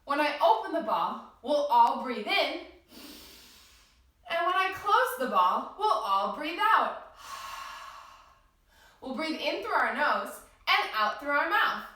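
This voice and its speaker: A woman guides small children through yoga with a cheerful, sing-song voice that lifts high and swoops low. Her tone is bright and clear, and she speaks slowly and deliberately, as if to toddlers. She is recorded from some distance in a very echoey room. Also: very animated. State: out of breath after dancing. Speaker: kids yoga teacher.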